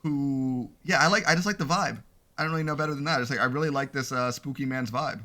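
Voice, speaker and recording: A man's voice: mid-range voice, fast talker, pushed and bright. A man co-hosting a casual podcast, chatty and loose, leaning on fillers like "I mean". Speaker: podcast co-host. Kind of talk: casual chat.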